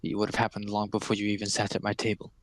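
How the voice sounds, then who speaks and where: A man voicing a scheming, coolly menacing noble widow of a powerful necromancer, with a measured delivery. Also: fairly low pitch, completely flat delivery, no echo, natural voice.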